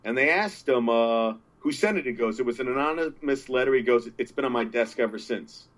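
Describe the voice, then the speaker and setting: A man's voice: medium pitch, fairly quick, a bit bright. Earnest man giving a friend pep talk. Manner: earnest, encouraging, repeats himself. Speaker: podcast guest. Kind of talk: casual chat.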